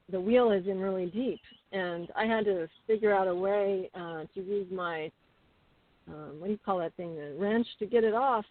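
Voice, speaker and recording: A middle-aged woman telling homestead stories as a guest, chatty and animated with many fillers. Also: medium pitch. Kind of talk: casual interview storytelling. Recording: tinny phone-like call audio.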